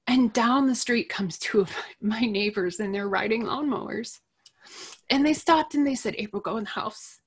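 A middle-aged woman telling an emotional personal story as a guest, candid and animated, laughing between phrases. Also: on the high side, husky.

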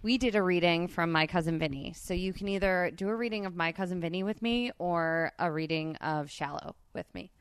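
A woman hosting a podcast in casual chat, bubbly and quick with asides, laughing often. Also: fairly low pitch, smooth, dry recording. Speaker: podcast host.

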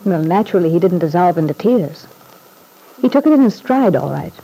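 A woman's voice: on the low side, expressive, a little fast, dark tone, breathy edge, rough recording. An actress playing a wry, self-deprecating young mother in a vintage radio soap. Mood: weary.

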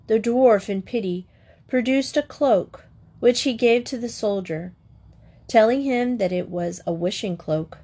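A woman reads a classic fairy tale aloud with a calm, measured storytelling delivery. Her voice sits at an ordinary middle pitch, and she lets the phrasing carry the story with gentle expression. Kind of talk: storybook reading of fairy tales.

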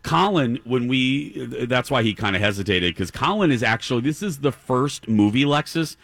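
A man hosting a podcast, talking about movies in an animated, exasperated way. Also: medium pitch, normal speed, dry recording. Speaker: podcast host. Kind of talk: casual chat about movies.

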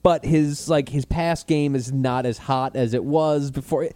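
A man co-hosting a podcast in casual comedic chat, loose and excitable, with swearing and lots of fillers. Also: mid-range voice, unhurried, no echo. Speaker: podcast co-host.

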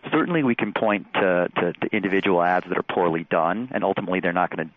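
A very deep-voiced man gives expert commentary down a phone line that sounds narrow and tinny. He talks in halting phrases, stacks up repeated words, and slips in some dry humor. The sound is close and dry. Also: no room sound. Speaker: political analyst guest on phone. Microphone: telephone.

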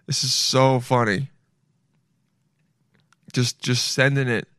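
A man's voice: mid-range voice, fairly even intonation, takes it slowly, a bit bright, clean tone, no echo, studio quality. Rambling, joking male podcast host. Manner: rambling, swears, keeps saying "dude". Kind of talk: casual comedic commentary.

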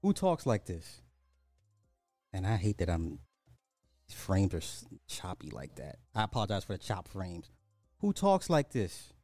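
A man's voice: sits low, wildly swooping pitch, unhurried, long pauses, dark tone, no room sound, soft background music. A man hosting a social commentary podcast, speaking bluntly and often repeating rhetorical questions. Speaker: podcast host.

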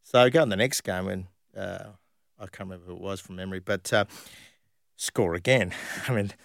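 A middle-aged man from Western Australia, telling animated stories as an interview guest, full of fillers. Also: sits low, fairly quick, gravelly, dry recording, studio quality. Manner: animated anecdotes with frequent laughs and fillers. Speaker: guest, former footballer. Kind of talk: casual storytelling interview.

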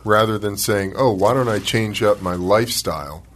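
A man's voice: on the low side, moderate pace. A man co-hosting a casual talk show, mostly chiming in with short, laid-back agreements. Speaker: podcast co-host. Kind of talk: casual chat.

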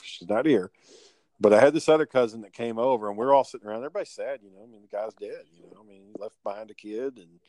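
A man's voice: fairly low pitch, darkish tone, no echo. A man telling rambling, profane family stories in casual podcast chat.

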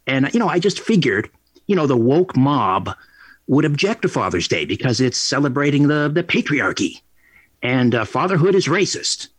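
A man's voice: mid-range voice, big pitch swings, moderate pace, breathy edge, no room sound. A man hosting a talk radio show, delivering an opinionated, sarcastic and indignant monologue. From Canada. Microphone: studio microphone.

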